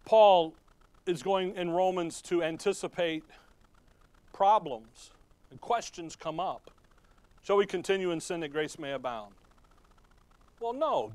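A pastor preaches a sermon in a conversational tone, with sudden bursts of loud emphasis and quick asides to the congregation. His voice sits high and his intonation is lively.

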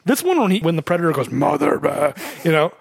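A man's voice: a little high, sing-song, fast, no room sound. A man co-hosting a podcast, chatting casually about a movie and laughing often as he rambles. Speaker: podcast co-host. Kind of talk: casual movie commentary chat.

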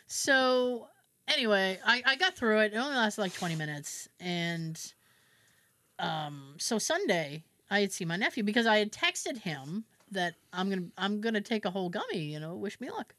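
A woman's voice: mid-range voice, sing-song, moderate pace, a bit bright, dry recording. A woman hosting a podcast, telling a story in casual chat, acting out quotes, laughing often and swearing freely. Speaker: podcast host.

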